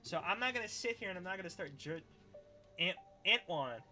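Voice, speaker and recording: A man's voice: high voice, animated, rapid-fire, bright, forceful tone, faint music behind. A young man chatting casually on a livestream, reading chat, swearing freely and laughing often as he rambles.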